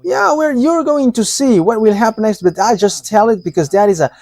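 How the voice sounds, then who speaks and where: A man's voice: high voice, fairly quick, a little mellow. A man giving a live religious teaching, talking hesitantly with many fillers and restarts and laughing often.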